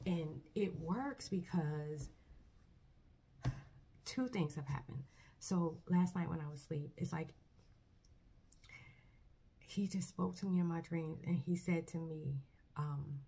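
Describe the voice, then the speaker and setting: A woman talking casually to camera about her faith. She speaks earnestly and haltingly, starting sentences over often. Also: low voice, creaky, husky. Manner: earnest, halting, soft-spoken with many restarts. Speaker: vlogger. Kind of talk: personal faith testimony, casual talk.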